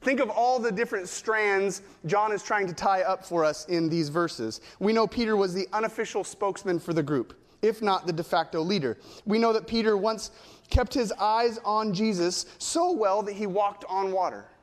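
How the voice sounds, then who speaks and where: A man preaching a sermon, teaching in a measured way and posing rhetorical questions to the congregation. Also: high-pitched. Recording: long hall reverb.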